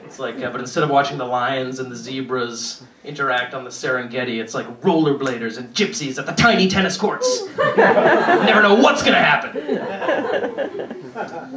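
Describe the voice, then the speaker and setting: On a comedy club stage, a young man from the Boston area, USA, rants sarcastically and profanely in an animated, mid-range voice at moderate pace. The recording is roomy and distant, with loud crowd laughter.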